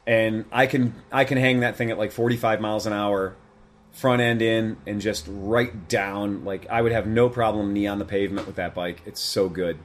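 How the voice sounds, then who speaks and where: A man's voice: fairly low pitch, fairly even intonation, moderate pace, slight background noise. A man who runs a motorcycle shop, chatting casually and bluntly, with some swearing. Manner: blunt, profane, opinionated. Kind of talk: casual podcast chat.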